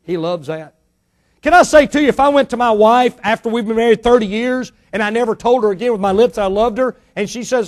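A man with a noticeably high voice delivers a church sermon. He is middle-aged and emphatic, pressing rhetorical questions and letting his voice climb and drop for effect. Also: brisk. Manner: emphatic preacher, rising and falling dynamically, rhetorical questions. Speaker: pastor.

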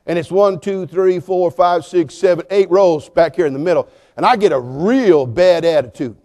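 A man preaching a sermon as pastor, telling a story with big swings from quiet asides to shouting. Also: high voice, normal speed.

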